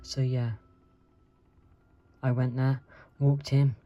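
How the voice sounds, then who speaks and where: A man hosting his own channel and telling absurd comic stories in a mock-boastful, deadpan way, in a dull lo-fi recording with faint music behind. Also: mid-range voice, slow. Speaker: channel host. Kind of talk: comedic storytelling.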